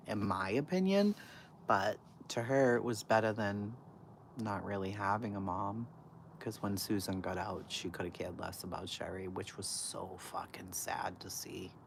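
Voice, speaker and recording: Animated, swearing woman telling stories. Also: extremely low pitch, a little hiss or hum. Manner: animated, profane, laughs often, swings from loud to hushed. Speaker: livestream host. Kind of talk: casual storytelling to a live chat.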